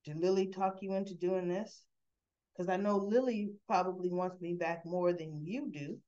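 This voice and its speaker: A woman voicing a defensive, suspicious man in a low, fast, challenging voice, with dull lo-fi sound. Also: fairly even intonation, mellow, natural voice.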